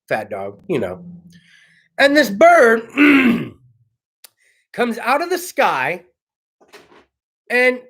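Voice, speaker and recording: A man hosting a casual internet talk show, telling stories in a slangy, profane, animated way with sudden whoops. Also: high-pitched. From California.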